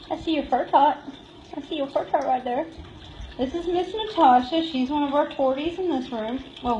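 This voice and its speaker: A woman's voice: sits high, roomy sound, highs cut off, a little hiss or hum. A woman giving a casual live tour of a cat shelter room, talking to the cats in a cooing, laughing way, filmed on a handheld phone. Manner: cooing baby-talk to cats, frequent laughs.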